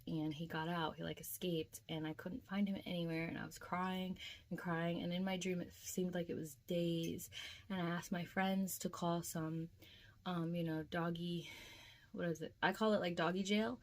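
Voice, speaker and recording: A woman's voice: on the low side, steady tone, normal speed. A young woman vlogging casually about a dream, chatty and emotional, with lots of filler words. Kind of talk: casual dream diary vlog.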